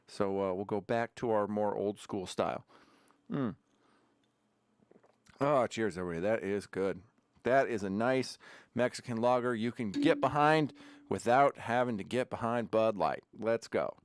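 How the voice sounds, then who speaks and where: Hosting a casual livestream from his home studio, a man rambles and drops sarcastic asides between sips of beer. His voice is lowish, a little slow and smooth. The desk camera setup picks up no room sound.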